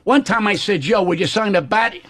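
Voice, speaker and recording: A man's voice: high voice, a little fast, fairly bright tone. A man in his late seventies, a comedian guest on a radio talk show, telling stories in a brash, profane way. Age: 70s. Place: radio studio.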